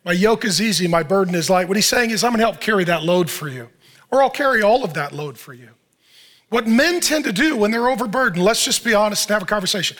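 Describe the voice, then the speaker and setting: A man's voice: high-pitched, expressive, quick pace, fairly bright tone. A middle-aged male pastor preaching a sermon in a conversational way, asking the listeners questions and acting out what people say. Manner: conversational preaching with rhetorical questions and acted-out quotes.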